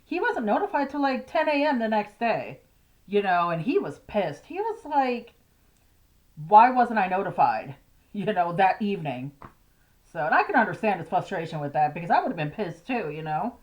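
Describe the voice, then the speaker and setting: A woman's voice: medium pitch, big pitch swings, fairly quick. A middle-aged woman vlogging casually about her grief, rambling and hesitant, with nervous laughs. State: grieving. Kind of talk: casual personal vlog. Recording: slightly dull lo-fi audio.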